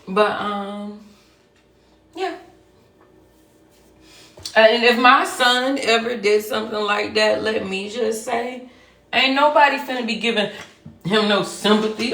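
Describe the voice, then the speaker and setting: A woman talks on a casual livestream, rambling and emotional, sometimes breaking into loud outbursts. Her voice has a gravelly fry. She sits away from the mic in a roomy space, with a faint hiss behind her. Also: a little high, slow pace, pauses often. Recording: roomy sound, far from the mic.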